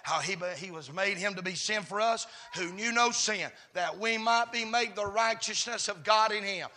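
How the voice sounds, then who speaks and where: A man preaching a sermon, swinging from quiet murmurs to shouted, chanted climaxes. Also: high-pitched, normal speed.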